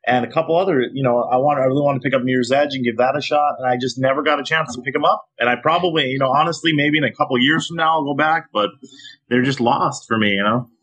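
A man's voice: mid-range voice, quick pace, fairly bright tone. A man co-hosting a gaming podcast in casual chat, rambling and chatty, laughing as he talks.

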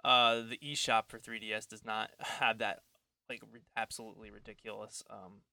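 Gravelly, bright-voiced man co-hosting a podcast. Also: on the low side, flat delivery, normal speed, no room sound. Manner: self-deprecating, rambling, laughs easily. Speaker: podcast co-host. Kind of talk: casual podcast chat. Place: at home.

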